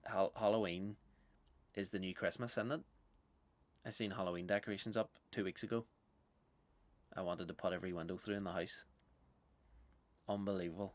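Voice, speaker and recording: A man's voice: lowish voice, lively intonation, fairly quick, long pauses, no room sound. A Northern Irish man, a comedian, ranting through a sweary, exasperated, rambling monologue. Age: adult with young children.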